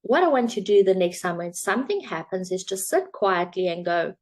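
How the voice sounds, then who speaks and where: A woman's voice: medium pitch, big pitch swings, a little fast. A woman coach telling a parable and drawing a motivational lesson from it, in a chatty storytelling way with some fillers. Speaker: self-help coach.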